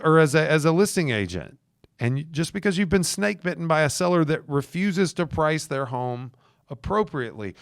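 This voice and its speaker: A man with a mid-range voice hosts a podcast giving real estate agents casual advice, speaking straight to them with emphasis. The sound is clean studio quality, without echo.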